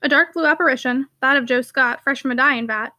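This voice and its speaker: A woman narrating a classic novel in a clear, measured way. Her voice is high and bright, with a crisp edge to every line. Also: no room sound. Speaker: audiobook reader. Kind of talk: reading a classic novel aloud.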